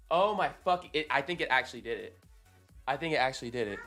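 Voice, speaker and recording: A man streaming live as he works, excitable and swearing, exclaiming in disbelief between quick technical explanations. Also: fairly high pitch, soft background music. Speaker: automation agency founder streaming live. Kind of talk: live-stream coding reaction.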